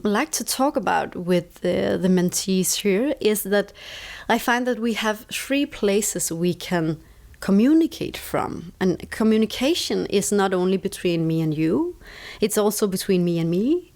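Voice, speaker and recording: A woman's voice: medium pitch, expressive, measured pace, darkish tone. Emphatic Danish-accented woman. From Denmark. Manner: emphatic, repeats words for stress. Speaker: interview guest, stress coach. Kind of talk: reflective conversational explaining.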